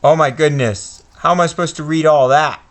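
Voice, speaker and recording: A man hosting a casual let's-play video, commenting on a game slowly and relaxedly with frequent fillers. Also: a little high. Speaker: gaming video host.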